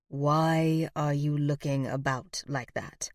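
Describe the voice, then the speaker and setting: A woman's voice: sits low, normal speed, no room sound, close to an everyday voice. A woman voicing a cool, dry British male band manager who drawls and teases for an audiobook.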